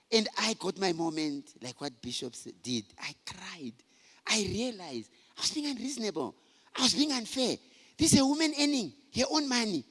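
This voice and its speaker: A middle-aged man speaks to a conference hall in a high, gravelly voice. He tells his stories with lively swings in pitch and bursts of shouting. Long hall reverb hangs on every word. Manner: animated storytelling, shouting for emphasis. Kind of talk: motivational talk to men.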